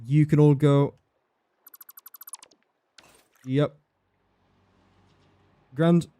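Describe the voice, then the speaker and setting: A man's voice: fairly high pitch, steady tone, extremely slow, warm tone, clear, resonant tone, no room sound. Self-mocking man streaming a game. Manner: chatty, self-mocking, talks to objects while building. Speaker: livestreaming gamer. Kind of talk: casual game commentary.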